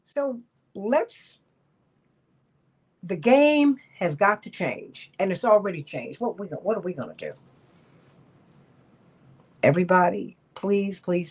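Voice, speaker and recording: A woman's voice: lowish voice, darkish tone, slightly rough. A middle-aged woman hosting political talk radio, emphatic, repeating points for stress and laughing often. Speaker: radio talk show host.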